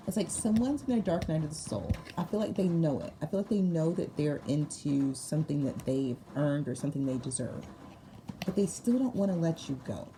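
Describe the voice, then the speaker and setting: The tarot reader here has a low, creaky voice with a dark tone. Reading casually for viewers, she laughs a lot, repeats phrases for emphasis, and speaks slangily, while background noise is clearly audible.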